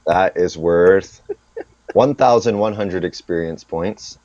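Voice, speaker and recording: Deep voiced guy running a tabletop game, slow and steady, dull dry lo-fi sound. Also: dry recording. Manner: unhurried, tallying rules and experience points. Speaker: game master.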